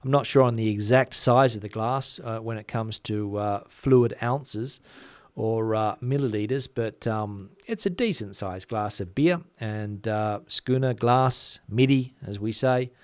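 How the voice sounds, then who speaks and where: A chatty channel host from Western Australia, with a softened Australian accent, reads out comments in a casual livestream. He talks fast and uses many fillers. His voice is lowish and clean, recorded dry.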